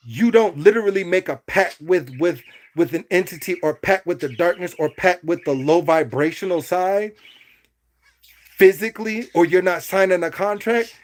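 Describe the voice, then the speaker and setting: A man hosting a casual livestream, speaking in a preachy, repetitive way and addressing his viewers directly. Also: high voice. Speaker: livestream host. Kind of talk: casual livestream talk to chat.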